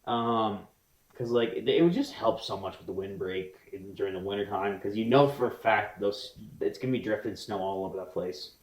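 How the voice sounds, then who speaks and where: A young man co-hosting a casual podcast chat, rambling and restarting his sentences, speeding up and slowing down. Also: on the low side. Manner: rambling, restarts often, quick bursts then slow. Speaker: podcast co-host. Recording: roomy echo.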